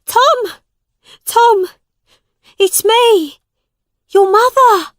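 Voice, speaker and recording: A woman voicing a desperate poor mother who cries out for her lost son in a shrill, high-pitched voice. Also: extremely slow, dry recording, studio quality, exaggerated voice. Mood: frantic.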